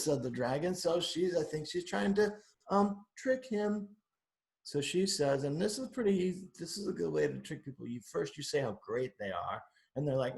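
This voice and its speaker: A man reading a picture book aloud to children, breaking off for chatty asides as he goes. His voice sits a little high for a man, and a roomy echo hangs around it. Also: expressive, normal speed, creaky, a little mellow. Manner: chatty, adds asides to the kids.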